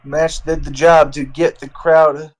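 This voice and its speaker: Hyped male gamer commentator, fairly high voice, profane and playful. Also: unhurried. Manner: excitable, profane trash talk. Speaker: gameplay commentator. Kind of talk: casual gameplay commentary.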